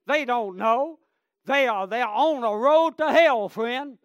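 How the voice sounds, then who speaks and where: A male preacher with a very high voice, delivering a fiery sermon. He repeats his points and keeps calling out to the congregation. The sound is close and dry. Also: measured pace, no room sound. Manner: fervent, repetitive, calls out "Amen?" and "friend".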